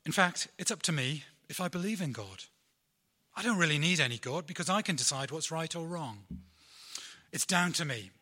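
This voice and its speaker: A man's voice: fairly high pitch, animated, normal speed, bright, forceful tone. A middle-aged man preaching a sermon in a conversational, self-deprecating way, with asides to his congregation.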